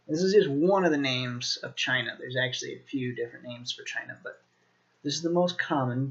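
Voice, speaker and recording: An American man teaching a language lesson on video, in a relaxed manner, repeating words slowly for learners. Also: medium pitch, lo-fi sound. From United States.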